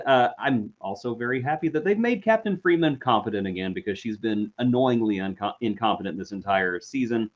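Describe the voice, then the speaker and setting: A man's voice: fairly low pitch, highs cut off. A man co-hosting a casual TV review chat, jokey and self-deprecating, gushing about episodes he liked. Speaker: co-host of a TV review show.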